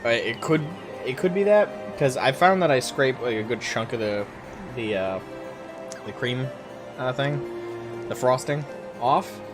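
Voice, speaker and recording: Lively, chatty male game streamer. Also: mid-range voice, measured pace, over music. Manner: rambling, chatty, talks straight to viewers. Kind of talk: casual live-stream chat.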